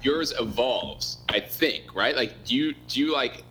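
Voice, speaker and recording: A man's voice: mid-range voice, unhurried, bright, forceful tone, slight background noise, rough recording. A man chatting casually on a podcast, teasing the others with crude jokes. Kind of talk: casual chat.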